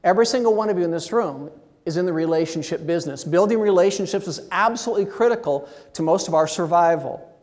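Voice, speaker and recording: A man giving a keynote speech at a meeting, with lively, shifting inflection. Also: sits high, fast talker. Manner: animated, expressive inflection. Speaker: motivational speaker. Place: large meeting hall. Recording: long hall reverb.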